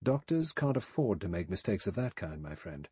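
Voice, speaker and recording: A man voicing a stiff, defensive middle-aged doctor in an audiobook, brisk and clipped. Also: sits low, very animated, warm tone, husky, no echo, exaggerated voice. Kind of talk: audiobook character voice.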